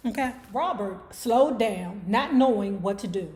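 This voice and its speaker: A woman's voice: medium pitch, expressive, a little slow, hardly any pauses, darkish tone. A woman hosting an online book club, reading a memoir aloud and breaking off for sassy, profane commentary to her viewers.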